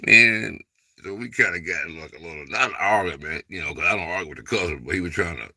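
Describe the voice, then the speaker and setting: Talking fast in a low, bright, forceful voice, this livestream host chats casually with viewers in loose, rambling informal dialect. He leans on fillers, repeating "man" and "you know," and the recording is dry.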